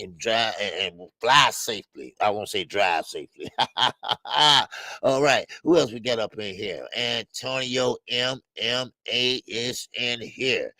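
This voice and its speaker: A man hosting a casual boxing live stream, shouting out viewers in the chat one by one with drawn-out greetings. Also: mid-range voice, no room sound. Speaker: boxing show host.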